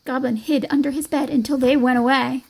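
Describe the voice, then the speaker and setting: High-voiced woman reading a picture book. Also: a little fast, vocal fry, a little hiss or hum, low-quality recording. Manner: expressive, lively storytelling. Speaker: storybook reader. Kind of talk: children's read-aloud.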